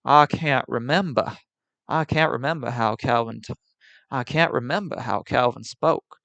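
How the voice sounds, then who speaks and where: A man doing a slow-drawling Southern gent. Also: mid-range voice, creaky, a bit bright, dry recording. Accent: Southern US, non-rhotic (put on).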